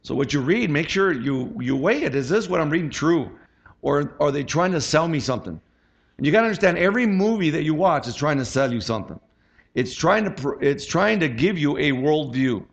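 A man's voice: fairly high pitch, expressive, a little fast, gravelly. A middle-aged man preaching a conversational sermon as pastor, chatty and asking the congregation for amens. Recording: dull lo-fi sound.

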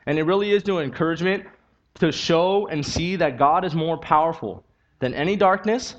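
A man's voice: a little high, moderate pace. A young man preaching a sermon and telling his testimony, earnest and emphatic, driving points home by repeating them. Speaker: youth preacher. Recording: dull lo-fi recording.

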